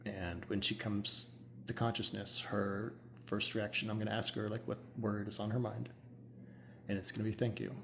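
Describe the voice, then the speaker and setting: A man who works as a hypnotherapist, chatting casually and excitedly, rambling with many "like"s. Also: lowish voice, normal speed, gravelly. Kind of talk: casual chat. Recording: roomy with faint ambient noise.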